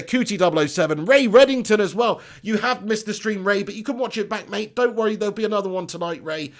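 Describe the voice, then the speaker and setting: A man hosting a football live stream, chatty and upbeat, giving shout-outs to viewers. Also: a little high, creaky. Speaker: football channel host.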